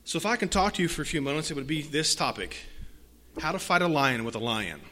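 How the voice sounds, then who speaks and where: A man preaching a sermon, swinging from hushed lines to loud emphatic ones and reading scripture aloud with repeated rhetorical phrases. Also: fairly high pitch, animated, quick pace.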